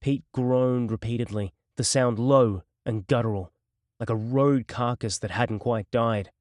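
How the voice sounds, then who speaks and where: A man narrating a crime novel audiobook in a steady, measured storytelling voice. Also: mid-range voice, no room sound, clean studio sound.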